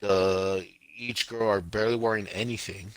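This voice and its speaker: A man co-hosting a casual podcast, retelling scenes in an animated, exaggerated way with lots of restarts and filler words. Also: fairly low pitch, normal speed, no room sound, rough recording. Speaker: podcast co-host. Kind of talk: casual chat about anime.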